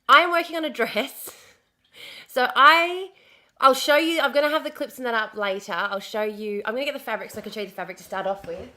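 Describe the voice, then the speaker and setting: An Australian woman chatting casually on a live stream, slightly hoarse from a lost voice, repeating herself as she greets viewers. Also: on the high side, fairly quick, sharp tone.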